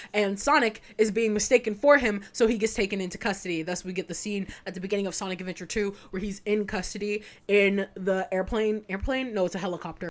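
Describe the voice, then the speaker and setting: A young woman giving a casual retrospective commentary, animated and emphatic, swearing freely as she talks. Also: mid-range voice. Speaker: video essayist.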